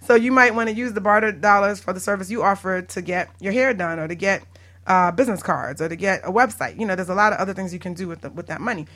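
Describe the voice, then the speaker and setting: Woman, bright, chatty, animated, laughs a lot, podcast broker talk. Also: medium pitch, fast talker. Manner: animated, laughs often, acts out callers. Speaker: barter exchange broker. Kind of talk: casual podcast chat.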